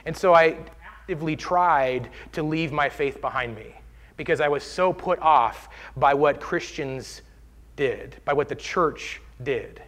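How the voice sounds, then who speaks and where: A man with a slightly high voice tells his personal faith story in a sermon. He speaks earnestly and from the heart, and his delivery is steady and sincere. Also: measured pace. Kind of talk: sermon testimony.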